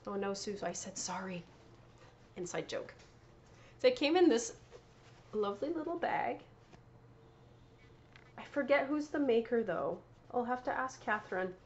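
A woman's voice: on the high side, lively intonation, unhurried, long pauses, darkish tone, highs cut off. A woman hosting a knitting podcast, chatting casually and showing off her yarn and prizes, often correcting herself and laughing. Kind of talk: casual show-and-tell chat.

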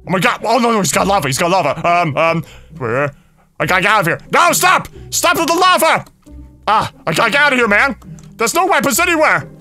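A man voicing his gameplay in a high, bright voice that leaps all over the place, swinging from nervous mumbling into sudden yelps and shouts. He fills the gaps with stammered fillers as panic builds, and a little music plays quietly underneath. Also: big pitch swings, fast talker. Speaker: gaming YouTuber. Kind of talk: frantic gameplay commentary.

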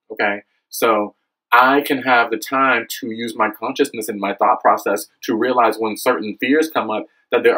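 Young man, husky voice, earnest direct-to-camera rant, preachy and animated. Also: rough recording. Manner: earnest, preachy, frequent "okay?" and "you know what I mean?"; animated, swings high when excited. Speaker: vlogger. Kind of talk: impassioned direct-to-camera monologue.

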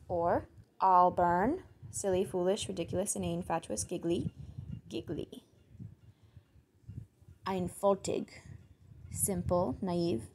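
A woman with a low, gravelly voice works slowly through lists of foreign words and their meanings. She mutters and thinks aloud as she sounds each word out. A faint hiss sits under the recording. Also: a little mellow. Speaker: word channel host. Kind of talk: solo vocabulary reading.

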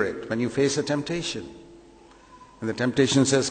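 A man's voice: medium pitch, fairly quick, in a large hall, a little hiss or hum. A man preaching a sermon emphatically, full of rhetorical questions and acted-out quotes.

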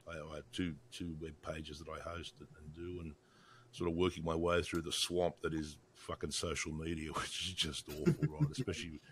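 An Australian man in his sixties with a low, deep voice, speaking over a video call with a faint hiss behind him. He is blunt and profane and breaks into laughter often. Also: steady tone, a little fast, a bit bright. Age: 60s. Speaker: podcast guest, motorcycle writer. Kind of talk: casual video-call chat.

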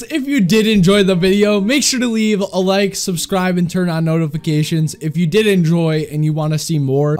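A man giving raging gameplay commentary as a gaming YouTuber, in whiny, yelling rants that often mock himself. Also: fairly high pitch.

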